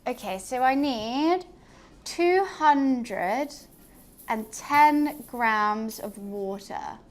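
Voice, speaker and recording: A woman's voice: on the high side, animated, very slow. A woman streaming as she cooks, chatting in a scattered, casual way and talking to her cat. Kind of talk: casual cooking stream chat.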